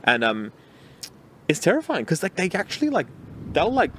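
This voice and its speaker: A man co-hosting a podcast, chatting casually and telling animated stories with many restarts, recorded outdoors. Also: high-pitched, moderate pace. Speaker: podcast co-host. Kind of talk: casual chat. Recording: outdoor recording with faint background noise.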